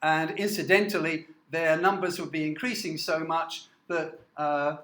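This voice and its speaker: A man from the north of England giving a classroom lecture, halting with many fillers and often asking "okay?". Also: on the high side, steady tone, fairly bright tone, echoey room, rough recording. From Newcastle, north of England. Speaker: university lecturer.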